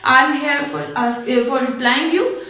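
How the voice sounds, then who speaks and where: Slow, high-voiced woman teaching English sounds. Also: sharp tone. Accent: Pakistani English. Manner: slow, deliberate spelling out of letters and sounds. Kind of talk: online spoken English lesson. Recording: very echoey room.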